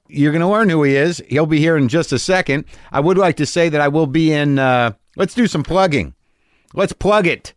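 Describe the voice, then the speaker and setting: A man's voice: fairly high pitch, no echo, clean studio sound. A middle-aged American man hosting a podcast, talking in a loose, rambling, profane and wry way. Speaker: podcast host. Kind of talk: casual monologue.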